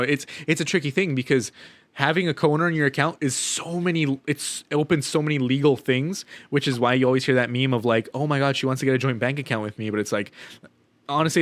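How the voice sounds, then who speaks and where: A young man co-hosting a casual podcast, telling profane, animated stories about annoying customers. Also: mid-range voice, dry recording. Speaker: podcast co-host. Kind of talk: casual chat, storytelling.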